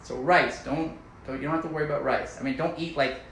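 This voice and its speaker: A playful, emphatic man pitched a touch high, hammering home his food tips with lots of repetition. The room is echoey, and faint ambient noise sits under his voice. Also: steady tone, fast talker, a bit bright. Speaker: health vlogger. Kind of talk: casual to-camera advice talk.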